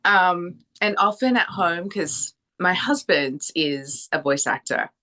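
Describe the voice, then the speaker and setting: An Australian woman voice actor chatting in an interview, animated and laughing, slipping into playful voices. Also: on the low side, slow. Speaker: voice actor and singer guest. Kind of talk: casual interview chat.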